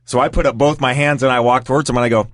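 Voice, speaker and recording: A man telling a casual story in an animated way, acting out the voices of the people involved. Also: medium pitch, rapid-fire, dry recording, studio quality. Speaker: guest storyteller.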